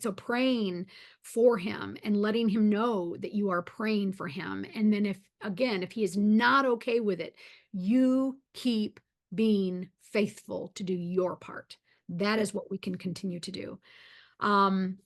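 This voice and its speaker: A woman hosting a faith-based advice chat, telling her story earnestly with many ums and restarts. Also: mid-range voice. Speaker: host.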